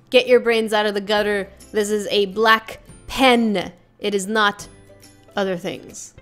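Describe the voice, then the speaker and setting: A woman hosting a craft tutorial in a casual voice-over, playful and full of jokey asides. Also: on the high side.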